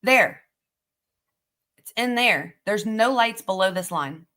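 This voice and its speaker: Female host, animated pitch, blunt and profane, casual commentary. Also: slow. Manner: blunt, swearing, incredulous reactions.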